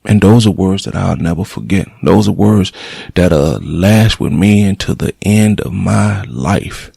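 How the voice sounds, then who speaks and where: A man's voice: deep voice, unhurried, creaky, warm tone, slightly rough, no room sound, studio quality. A middle-aged man, a radio show host, telling a personal story in a plainspoken, emotional way, blunt and cursing at times.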